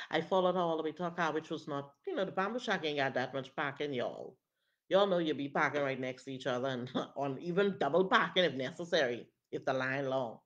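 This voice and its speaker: A woman, preaching as a prophetess and telling a personal testimony with animated acted-out dialogue. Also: sits low. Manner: animated, acts out the other people's lines. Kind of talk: testimony storytelling. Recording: dull lo-fi recording.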